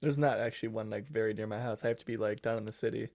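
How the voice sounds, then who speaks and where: A man from the United States, a guest on a podcast, talking in a relaxed, reflective way and laughing easily. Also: lowish voice, rapid-fire, creaky, dry recording, studio quality. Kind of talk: casual podcast chat.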